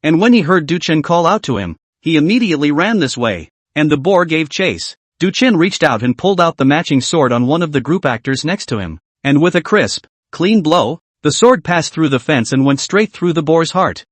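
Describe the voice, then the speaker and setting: A man's voice: fairly high pitch, animated, normal speed, few pauses, no echo. A man narrating a web comic recap, telling the story steadily with asides to viewers.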